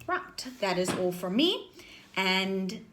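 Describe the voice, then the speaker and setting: A woman's voice: medium pitch, very animated, a bit bright, a little hiss or hum. A woman teaching a drama lesson to her class, explaining step by step and often checking in with "okay?" and "right?". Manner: slow, deliberate explaining.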